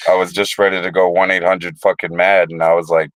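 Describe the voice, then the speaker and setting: A man's voice: deep voice, little pitch movement, fairly quick, fairly bright tone, rough recording. A man hosting a casual livestream, telling rambling, profane stories. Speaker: livestream host.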